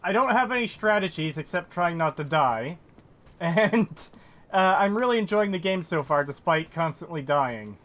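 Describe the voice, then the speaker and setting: Higher-voiced man chatting while gaming. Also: expressive, normal speed, a bit bright. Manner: distracted, swears while playing. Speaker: streamer playing the game. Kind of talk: casual gameplay chat.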